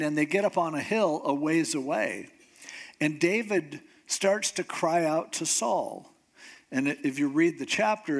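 A male preacher walks through a scripture story in relaxed, everyday language. His delivery is animated and chatty, and his voice sits a touch above the usual male range. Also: on the high side. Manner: conversational, animated storytelling with slang. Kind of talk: casual sermon retelling scripture.

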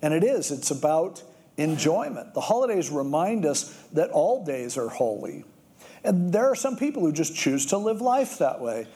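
A man's voice: on the high side, moderate pace. A middle-aged man preaching a sermon, telling stories and acting out the voices of the people in them. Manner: storytelling with acted-out voices, lively and conversational. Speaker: pastor.

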